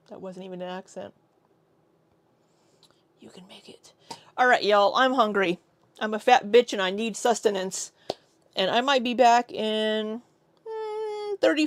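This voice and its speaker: A young American woman talks casually to her stream viewers, laughing a lot as she goes. Her voice sits at a medium pitch and sounds very dry and close, with no room around it. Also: dry recording. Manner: chatty, laughs often, tries out silly accents. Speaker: live streamer.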